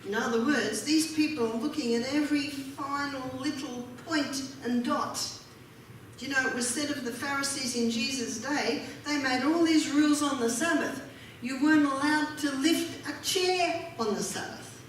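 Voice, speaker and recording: High-voiced woman preaching in an echoey hall. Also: moderate pace, distant mic, a little hiss or hum. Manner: asks the audience rhetorical questions. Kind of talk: sermon reading and explaining scripture.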